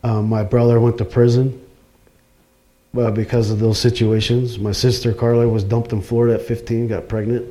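A man's voice: mid-range voice, dark tone. A middle-aged man giving an informal, earnest church talk, speaking personally and conversationally. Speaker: lay preacher.

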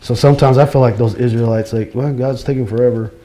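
A man's voice: mid-range voice, steady tone, quick pace, warm tone. A middle-aged man giving an informal, earnest church talk, speaking personally and conversationally. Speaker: lay preacher.

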